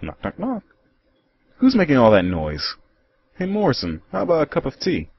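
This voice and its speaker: A man voicing a fussy old male healer in a game playthrough, with a high put-on old-man voice. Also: wildly swooping pitch, normal speed, vocal fry, husky, heavily acted. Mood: teasing. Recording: muffled capture with game music.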